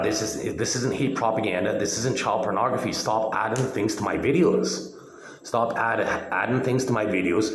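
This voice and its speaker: A man with a deep, low voice talks straight to the camera. He rambles and circles back, pressing repeated rhetorical questions and ending his points with "right?". The sound bounces around an echoey room. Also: a bit bright, a little hiss or hum. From Canada. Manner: repetitive, insistent rhetorical questions, trailing "right?". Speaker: video blogger. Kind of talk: rambling solo monologue to camera.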